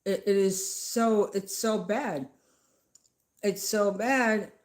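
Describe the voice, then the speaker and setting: A woman's voice: mid-range voice, takes it slowly. A woman at home, giving a casual political rant to the camera. She scolds her targets emphatically and says the same phrases over and over.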